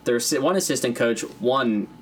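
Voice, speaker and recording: A man's voice: mid-range voice, brisk, a little hiss or hum. Rambling, laughing young man. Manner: rambling, swears freely, laughs often. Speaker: podcast co-host. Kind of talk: casual chat.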